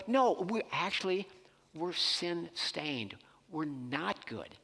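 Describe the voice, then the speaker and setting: Male pastor, unhurried and emphatic, high-ish animated voice, reverberant sanctuary. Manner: expressive, slow and emphatic delivery. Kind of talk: sermon with scripture reading. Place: church worship center.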